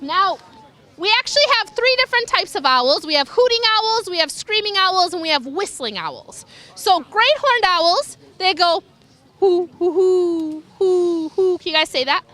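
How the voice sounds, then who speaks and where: A woman's voice: very high-pitched, sing-song, normal speed, sharp tone. A young woman giving an enthusiastic wildlife lecture to an audience, sometimes imitating animal calls. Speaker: raptor educator. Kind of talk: public lecture.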